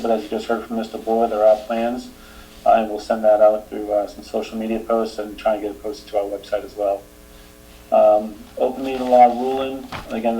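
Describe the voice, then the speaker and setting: A man with a Boston accent chairing a town meeting, reading announcements steadily and trailing off quietly. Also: lowish voice, a little hiss or hum, rough recording. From Boston area. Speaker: board chair.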